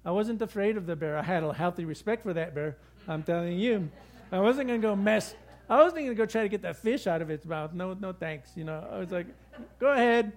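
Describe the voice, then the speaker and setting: A middle-aged man with a high voice preaches a sermon. He tells stories in a lively, conversational way from the pulpit. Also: brisk. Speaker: pastor.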